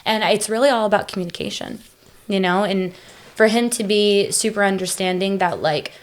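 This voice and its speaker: Young woman guest, mid-pitched, chatty and rambling, lots of fillers. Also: moderate pace. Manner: chatty, many fillers and restarts. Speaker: podcast guest. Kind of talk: casual conversational interview.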